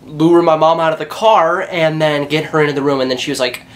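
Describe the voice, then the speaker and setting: Young male vlogger, casual story time, lively and foul-mouthed. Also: a little high, brisk, slight background noise. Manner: animated, profane, jokey storytelling.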